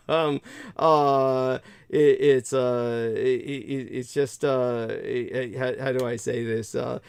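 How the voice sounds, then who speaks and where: A man hosting a livestream in casual talk, halting, with many fillers, restarts and soft laughs. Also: medium pitch, fairly even intonation, creaky, smooth, no room sound, clean studio sound. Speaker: livestream host.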